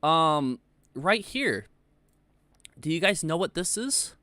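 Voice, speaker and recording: In a sharp, sing-song voice on the high side, a young livestream host takes his time as he rambles casually and reads chat messages out loud with many fillers. The recording is dry.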